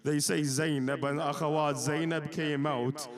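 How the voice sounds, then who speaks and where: A man preaching a mourning sermon, telling the story with deep emotion and chanting lines in Arabic. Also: fairly even intonation, a little slow, a crowd in the background. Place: Islamic centre hall.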